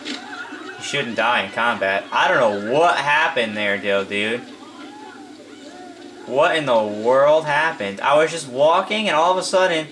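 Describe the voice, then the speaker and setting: A man's voice: mid-range voice, expressive, a little slow, fairly bright tone, a little hiss or hum. A young man giving casual live commentary over his gameplay. He chats loosely, says "dude" a lot, and often breaks into laughing disbelief.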